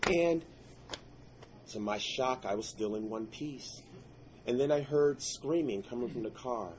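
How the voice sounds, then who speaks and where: A man's voice: medium pitch, unhurried, highs cut off, a little hiss or hum. A man telling a personal story in an earnest, intense way, breaking into prayerful exclamations. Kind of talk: personal story told to listeners.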